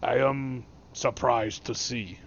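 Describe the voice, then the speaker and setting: A man voicing a tall, steely male German commander who speaks in curt, measured sentences. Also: medium pitch, steady tone, vocal fry, slight background noise. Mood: stern. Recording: dull lo-fi recording.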